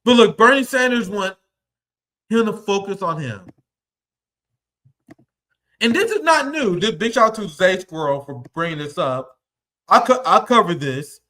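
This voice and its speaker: A man's voice: high-pitched, fairly bright tone. A young man giving heated, profane political commentary, combative and mocking as he reacts to clips.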